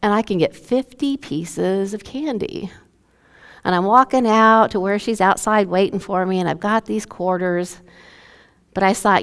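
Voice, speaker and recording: A woman's voice: medium pitch, a little slow, a bit bright, clean tone. A woman pastor preaching a sermon and telling a story, acting out the lines of both speakers. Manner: storytelling, acts out dialogue with her dad. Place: church sanctuary. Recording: long church hall reverb.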